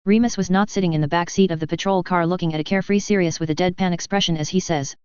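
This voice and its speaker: A narrator reads a fan fiction story in a very smooth, resonant voice at a steady, even pace. The recording is dry and slightly muffled, with no room sound around the voice. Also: medium pitch, fast talker, no echo.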